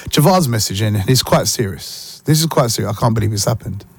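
A man hosting a breakfast radio show, joking and chatting in a casual, animated way. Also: lowish voice, fairly quick, gravelly, husky, dry recording. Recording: music bed behind the voice.

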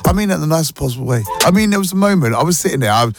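A man's voice: a little high, expressive, very fast, gravelly, music in the background. A man hosting a casual morning radio chat, rambling along with slang and sing-song asides. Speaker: radio host.

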